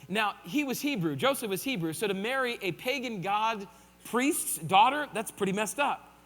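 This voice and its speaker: High-voiced animated preacher in a hall. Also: male voice, moderate pace. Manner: animated storytelling with playful impressions. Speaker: pastor. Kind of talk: sermon. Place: church sanctuary.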